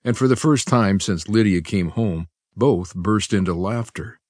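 A man narrating an audiobook in a measured, even storytelling manner on a studio microphone. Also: lowish voice, no room sound. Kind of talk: scripted narration.

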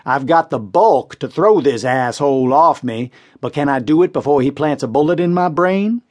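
A man reading crime stories as an audiobook narrator, in steady, measured scripted narration. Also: fairly high pitch, no room sound, clean studio sound.

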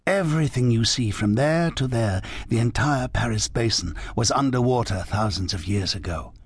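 A male narrator voicing a mysterious, wistful French woman, speaking slowly and in hushed tones. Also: medium pitch, slightly rough, no echo. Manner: slow, hushed, musing speech. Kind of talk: audiobook character reading.

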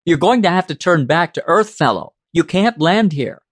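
A man's voice: on the high side, animated, normal speed, no echo, voice pushed up. A strained male colony radio operator speaks with tension, as a man voices him for an audiobook. The voice rides well above the reader's own. The sound is dry and close. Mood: urgent. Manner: tense and strained. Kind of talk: audiobook character voice.

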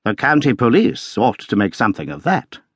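A man voicing a shrewd detective who reasons aloud in a measured, wry, thoughtful way. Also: medium pitch, animated, husky, no echo, clean studio sound.

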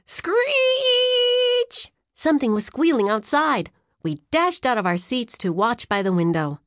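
A woman narrating a children's audiobook in an expressive storytelling manner, recorded on a studio microphone. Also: mid-range voice, normal speed, dry recording.

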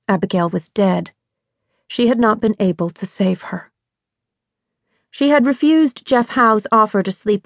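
Measured woman audiobook narrator. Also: medium pitch, no echo, studio quality. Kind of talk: scripted narration.

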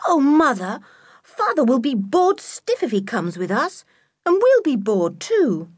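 A woman's voice: high voice, big pitch swings, unhurried, husky, dry recording, clean studio sound, voice pushed up, heavily acted. A woman doing George, a blunt, outspoken tomboy girl. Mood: protesting.

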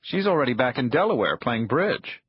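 A blunt male aide brushes things off with curt, dismissive remarks, as a male narrator puts him on. His husky voice sits in a dry, slightly muffled audiobook recording. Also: medium pitch, very animated, normal speed, dry recording.

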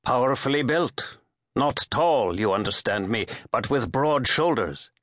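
A man's voice: mid-range voice, animated, a little slow, a bit bright, no room sound, clean studio sound. A male narrator voicing a watchful, polite hotel clerk in an audiobook, speaking deferentially and addressing the guest as sir. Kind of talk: audiobook character voice.

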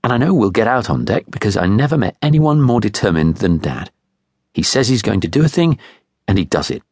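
A man narrating a literary audiobook in a measured, wry first-person style. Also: fairly low pitch, very animated, darkish tone, slightly rough, no echo. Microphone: close studio microphone. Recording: dry close studio recording.

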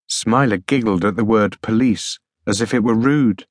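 A man's voice: fairly low pitch, normal speed, few pauses, dry recording. Male audiobook narrator, dry and close. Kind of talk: scripted narration.

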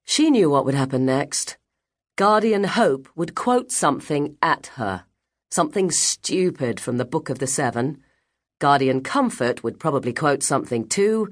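A woman narrating a children's audiobook in an expressive, measured way. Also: sits low. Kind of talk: scripted children's book narration.

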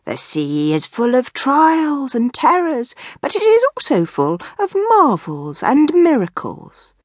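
A woman voicing an ancient, wheezing male Viking grandfather who speaks gently in a storybook audiobook. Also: high voice, huge pitch swings, slow, no echo, studio quality, pitched above the performer's own voice, exaggerated voice. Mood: gentle. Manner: wheezy, kindly.

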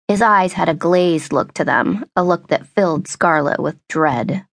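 Gravelly-voiced woman narrating a novel. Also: lowish voice, measured pace, no echo, clean studio sound. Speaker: audiobook narrator. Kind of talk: scripted narration.

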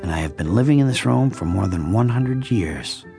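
A man's voice: fairly low pitch, lively intonation, normal speed, vocal fry, music in the background. A man voicing an old, wise talking cricket who lectures sternly, in an audiobook. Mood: lecturing.

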